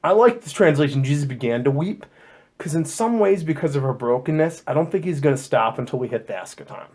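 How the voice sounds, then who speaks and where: A man hosting a podcast, talking through a Bible passage in a casual, animated, jokey way, often restarting and repeating words. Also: fairly high pitch, quick pace, breathy edge. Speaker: podcast host.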